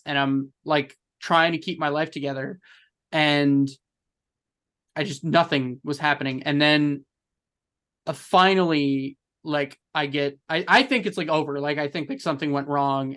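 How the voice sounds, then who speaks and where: A man's voice: a little high, fairly bright tone. A young adult man telling his story in an interview, rambling with many fillers and restarts, earnest and emotional. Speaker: podcast guest, film journalist.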